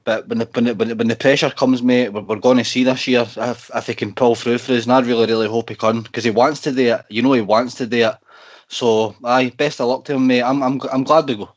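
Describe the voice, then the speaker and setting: A man's voice: medium pitch, steady tone, quick pace. A man, a caller on a fan radio show, talking earnestly and repeating his words. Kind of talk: casual phone-in chat. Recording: dull lo-fi sound.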